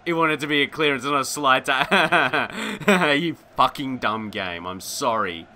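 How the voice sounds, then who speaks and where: A young man commentating his own football video game, excitable and quick to rant in frustration. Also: mid-range voice. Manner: excitable, swings into frustrated shouting and rants. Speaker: gaming YouTuber. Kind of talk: live gameplay commentary.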